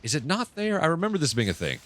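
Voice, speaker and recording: A man casually commenting on his own game playthrough, swearing often and reacting loudly to what happens on screen. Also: on the high side, huge pitch swings, fast, background noise. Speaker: gaming channel host. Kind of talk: casual let's play commentary.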